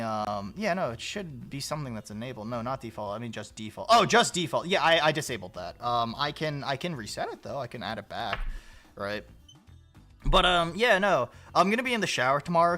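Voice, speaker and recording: Guy streaming, swears a lot, laughs loud, bright voice that jumps all over, faint music behind. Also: on the high side. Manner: swears freely, laughs loudly, rambling jokes. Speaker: livestream host. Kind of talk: casual livestream chat.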